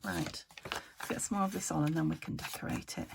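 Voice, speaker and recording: A British woman hosting a crafting vlog from an upstairs room at home, rambling and talking to herself as she works, often trailing into soft murmurs. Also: deep voice, fairly quick, gravelly. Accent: British English. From United Kingdom. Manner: rambling, talks to herself while working, drops into soft murmurs. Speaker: crafting channel host. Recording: home recording with noticeable background noise.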